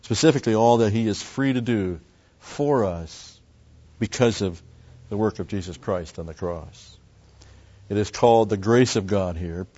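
A man's voice: lowish voice, a little mellow, breathy edge. A man preaching a methodical Bible teaching, explaining Greek words and repeating key terms. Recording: dull lo-fi recording.

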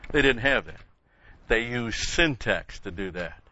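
A man's voice: fairly low pitch, lively intonation, unhurried, bright, forceful tone, dry recording. Older male Bible teacher, emphatic sermon delivery, dry close sound, muffled lo-fi recording. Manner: emphatic, stresses key words, repeats phrases. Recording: dull lo-fi sound.

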